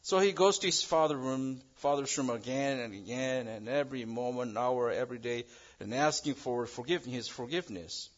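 The sermon comes from a halting male preacher who keeps restarting his phrases while telling an illustrative story. Key words get a lift in both pitch and loudness, and the recording is lo-fi and dull.

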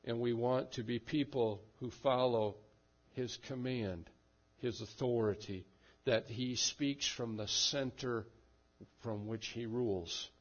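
A man preaching a sermon and leading a prayer, with slow, measured delivery and repeated refrains. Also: medium pitch, lo-fi sound. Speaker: pastor.

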